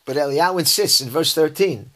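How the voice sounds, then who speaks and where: A man's voice: fairly high pitch, brisk, a bit bright. A man giving a verse-by-verse scripture lesson. He reads Hebrew verses aloud and then explains them in English, often restarting his sentences. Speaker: Bible teacher.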